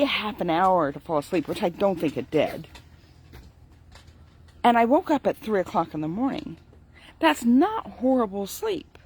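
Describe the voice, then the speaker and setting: A woman's voice: mid-range voice, darkish tone, slight background noise. An older woman, a grandmother, talking casually and tiredly in her morning vlog, chatty and digressive, often breaking into laughter. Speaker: vlogger.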